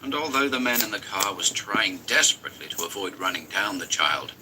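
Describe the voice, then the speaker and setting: A man with a fairly low voice reads a horror story aloud in an intense, dramatic way. His narration carries a clear hiss of background noise. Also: fairly quick. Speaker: story reader.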